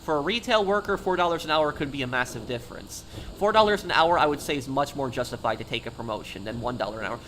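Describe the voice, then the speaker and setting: A man's voice: mid-range voice, animated, quick pace, a bit bright, a little hiss or hum. A man chatting casually on a live game stream, talking straight to his viewers and answering them.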